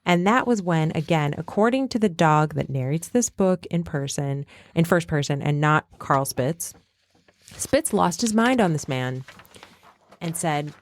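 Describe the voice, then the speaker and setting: A woman podcast host telling a story with animated, joking asides. Her voice sits a little low, and it is recorded close and dry. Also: unhurried, no room sound. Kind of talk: casual storytelling chat.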